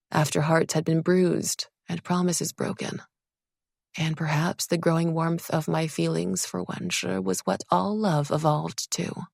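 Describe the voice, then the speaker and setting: A woman narrating a first-person fantasy audiobook in a measured, expressive storytelling manner. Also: lowish voice, creaky, dry recording, studio quality.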